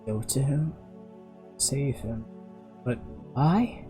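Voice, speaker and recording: A man's voice: mid-range voice, steady tone, fairly quick, darkish tone, soft background music, natural voice. A man voicing a brooding young male soldier who gives short, reluctant replies. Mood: muttering.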